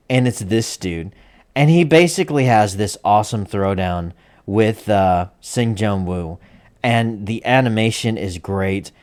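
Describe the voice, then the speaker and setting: Man, casual anime recap, rambling, self-correcting, lively up-and-down pitch, mid-range voice. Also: smooth.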